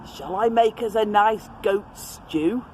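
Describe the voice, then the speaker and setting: A woman's voice: medium pitch, takes it slowly, a little hiss or hum, lightly acted. A woman voicing a nervous, meek male troll in a very small, shaky voice.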